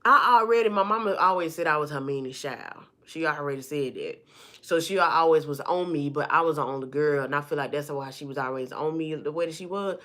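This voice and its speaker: A woman vlogger telling a personal story to her viewers in a lively, chatty way, calling them y'all and honey and acting out the people in it. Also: low-pitched, fairly quick. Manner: acts out the people in her stories.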